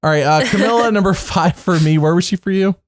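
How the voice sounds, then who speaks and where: A man's voice: sits high, fast, dry recording, clean studio sound. A man co-hosting a casual podcast, joking around and acting out little bits as he talks. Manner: animated, joking, acts out bits. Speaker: podcast co-host.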